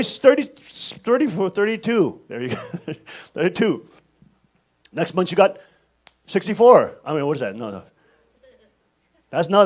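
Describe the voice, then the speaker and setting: A male pastor preaches with a high voice that swoops widely in pitch. He is emphatic and scolding, punching his warnings hard and then dropping low to advise. The delivery is an animated sermon.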